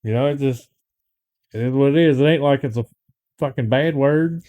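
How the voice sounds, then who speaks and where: A man's voice: mid-range voice, normal speed, dark tone. A man co-hosting a podcast, telling stories casually and swearing easily. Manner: profane, laid-back storytelling. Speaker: podcast co-host. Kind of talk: casual chat.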